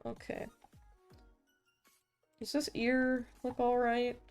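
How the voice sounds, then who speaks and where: A woman chatting casually on an art stream, playful and self-mocking, quick to laugh at her own jokes. Her voice sits a little high and she talks at an unhurried pace. Faint music plays underneath. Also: monotone, clear, resonant tone. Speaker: vtuber streamer.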